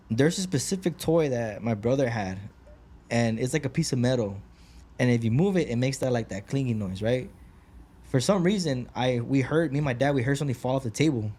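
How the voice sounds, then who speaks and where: A man's voice: medium pitch, mellow. A man co-hosting a podcast, chatting casually and telling a story, peppering it with "like," "bro" and swearing. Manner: swears freely, lots of "like" and "bro". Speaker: podcast co-host.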